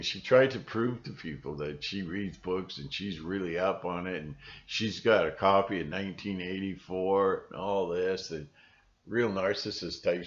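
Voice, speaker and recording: Low-voiced man rambling on a dull recording. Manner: rambling, breaks into mimicking voices. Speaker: video channel host. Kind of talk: casual monologue to camera.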